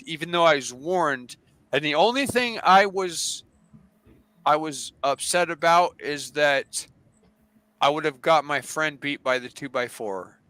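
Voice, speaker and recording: Bright-voiced profane American man telling stories. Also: a little high, no room sound, low-quality recording. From United States. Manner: animated, profane, rambling with restarts and laughter. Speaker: livestream guest storyteller. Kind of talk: casual storytelling chat.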